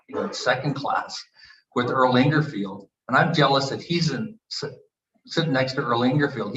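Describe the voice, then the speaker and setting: A man in his sixties from Canada, a retired hockey player telling animated stories at a book event and acting out the quotes. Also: mid-range voice. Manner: animated anecdotes with acted quotes. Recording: echoey, dull room recording.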